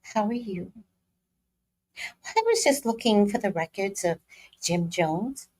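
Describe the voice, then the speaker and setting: A woman putting on a prim, overly polite office worker voice on the phone, with a high, sing-song politeness. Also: expressive, slow pace, darkish tone. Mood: chirpy polite.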